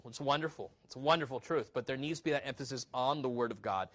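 A man's voice: medium pitch, fast talker, a bit bright. A man, a pastor, preaching a sermon in a conversational teaching manner, reading scripture aloud and asking rhetorical questions.

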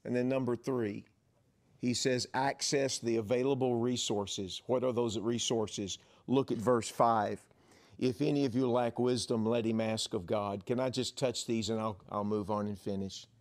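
Middle-aged male pastor preaching, mid pitch. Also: unhurried. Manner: storytelling, lively, builds in volume for emphasis. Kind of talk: sermon.

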